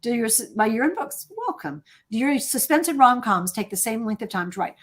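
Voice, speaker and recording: A woman hosting an author interview, talking in an effusive, animated way and reading out audience questions. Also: fairly high pitch, fairly quick, breathy edge. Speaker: interview host. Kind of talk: conversational interview.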